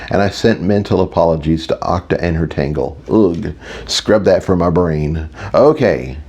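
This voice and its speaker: Deep-voiced man narrating an audiobook. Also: darkish tone. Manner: wry, self-mocking inner monologue. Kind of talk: first-person audiobook narration.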